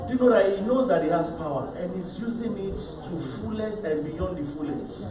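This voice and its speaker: A man with a high voice leads a charismatic sermon and prayer, often shouting fervently. He is heard from a distance in a large, echoing church hall. Music and a congregation fill the background. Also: animated, moderate pace. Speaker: pastor. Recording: echoey church hall from far off with music and crowd.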